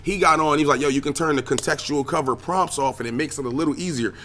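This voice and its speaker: Slight background noise accompanies a young man ranting alone on his podcast about video games and the news. His voice is a little high and fast, and his talk is casual, profane, animated, and packed with trailing fillers.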